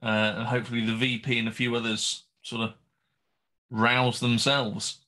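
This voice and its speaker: A man playing a tabletop game, speaking haltingly with many fillers. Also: medium pitch, flat delivery, sharp tone. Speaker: player.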